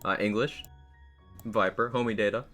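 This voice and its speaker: Low-voiced, bright male game streamer. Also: fairly even intonation, normal speed, soft background music. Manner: chatty, laughs often, rattles off greetings. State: out of breath. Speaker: game streamer reading chat. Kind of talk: casual live-stream chat.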